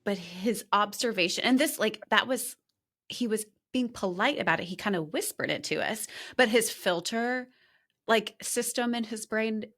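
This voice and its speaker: A woman's voice: medium pitch, normal speed. A young adult woman hosting a podcast, chatting casually with a friend and retelling stories with lots of laughter and restarts. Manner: animated, laughing storyteller with many restarts. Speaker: podcast host. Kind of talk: casual conversation.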